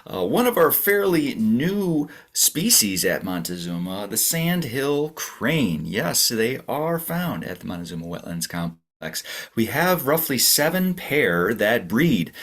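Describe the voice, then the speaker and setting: A man directing a nature center, giving a relaxed, chatty narrated birding tour with plenty of fillers and the odd imitated bird song. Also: mid-range voice, slow.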